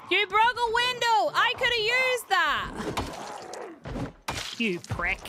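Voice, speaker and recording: A woman's voice: lowish voice, background noise. A woman chatting through gameplay commentary as a streamer, talking to her game character and swearing casually.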